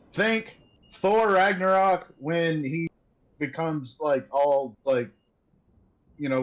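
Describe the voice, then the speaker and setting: A man playing a cleric in a tabletop game, speaking hesitantly and often clearing his throat. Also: medium pitch, muffled recording. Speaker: player. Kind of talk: casual game chat.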